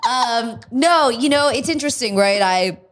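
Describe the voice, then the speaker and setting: A woman's voice: a little high, moderate pace. A woman co-hosting a podcast, telling stories in a casual chat and laughing often. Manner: laughs often, animated storytelling. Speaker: podcast co-host.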